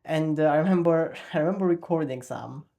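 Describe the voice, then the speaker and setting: Relaxed man hosting a podcast. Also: fairly high pitch, fairly quick, creaky. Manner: relaxed, friendly, hesitant with fillers. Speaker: podcast host. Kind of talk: casual interview chat.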